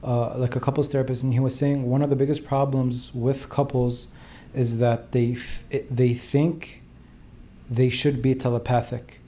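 Mellow-voiced man, hesitant in conversation. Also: mid-range voice, level tone, moderate pace. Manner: hesitant, lots of fillers. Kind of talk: podcast conversation.

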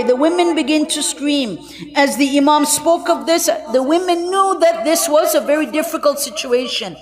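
A woman telling a mournful religious story as a sermon, with an emotional delivery that moves between raised and hushed tones. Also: high voice, normal speed. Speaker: religious speaker at a mourning gathering. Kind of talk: lamenting sermon narration.

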